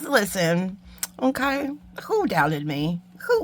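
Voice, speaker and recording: Speaking slowly in a lowish voice whose pitch swoops wildly, this woman runs a beading channel. Her tutorial is casual chat full of self-mockery, plus asides muttered to the viewers as she works.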